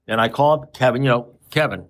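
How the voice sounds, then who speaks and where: A man's voice: mid-range voice, quick pace. Wry rambling man at a recovery meeting. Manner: rambling, wry, self-mocking humor. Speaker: AA speaker sharing his story. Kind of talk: storytelling share at a recovery meeting.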